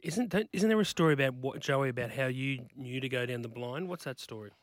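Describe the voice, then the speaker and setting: A man's voice: mid-range voice, brisk, no echo, clean studio sound. A man hosting a radio show, chatting casually and prompting stories with questions. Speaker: radio host.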